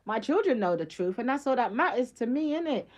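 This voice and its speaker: A middle-aged woman holds forth on a live stream, her voice sitting fairly high. She talks emphatically, full of street slang, and laughs often as she goes. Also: big pitch swings, fairly quick. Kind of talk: casual live-stream talk.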